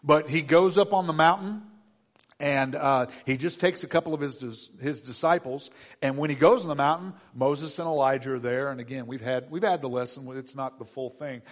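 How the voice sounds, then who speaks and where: A middle-aged man preaching a conversational sermon as pastor, with soft asides and gentle quoted lines. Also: medium pitch. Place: church sanctuary. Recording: long hall reverb.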